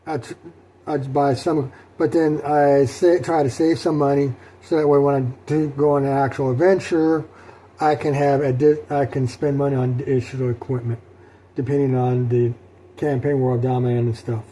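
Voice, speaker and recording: A middle-aged man talking through his solo tabletop role-playing session in a rambling, halting way, with many fillers and restarts. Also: mid-range voice, level tone, mellow. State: sleepy, yawning. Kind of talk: rambling casual talk.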